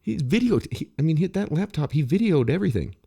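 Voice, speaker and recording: A man's voice: fairly high pitch, very animated, quick pace, gravelly, dark tone, slightly rough. A man ranting bluntly in casual podcast chat, swearing freely. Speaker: podcast co-host.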